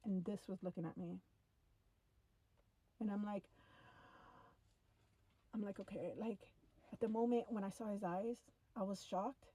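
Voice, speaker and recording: A young woman tells a first-person story to camera in an animated, breathless way, with many "like" fillers. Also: medium pitch, measured pace, long pauses, breathy edge, low-quality recording.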